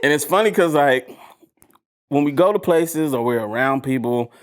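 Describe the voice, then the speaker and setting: A man's voice: fairly high pitch, moderate pace. A man co-hosting a podcast, chatting casually and laughing often. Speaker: podcast co-host. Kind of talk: casual chat.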